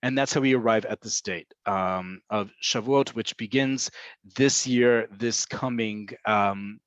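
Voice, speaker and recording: A man's voice: on the low side, measured pace, smooth, dry recording, dull audio. A man giving an online webinar lesson on Hebrew vocabulary, explaining patiently with frequent "um"s and "right?" check-ins. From Israel-based. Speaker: Hebrew teacher.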